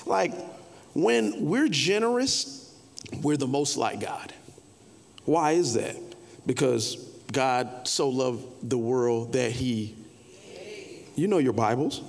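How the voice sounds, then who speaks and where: A man preaching a sermon, shifting from conversational asides to playful mock shouting. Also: mid-range voice, creaky. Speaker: pastor. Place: church sanctuary. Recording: reverberant hall.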